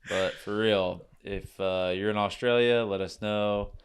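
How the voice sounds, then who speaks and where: Smooth-voiced man giving deadpan joke advice. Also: lowish voice, measured pace. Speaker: podcast co-host. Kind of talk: casual comedic chat.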